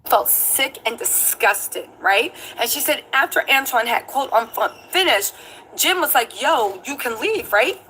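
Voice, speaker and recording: Animated woman host, high voice, livestream chat commentary. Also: unhurried, a little hiss or hum, poor audio. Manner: animated, acts out quoted lines in high voices. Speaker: news show host. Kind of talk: casual commentary with livestream shout-outs.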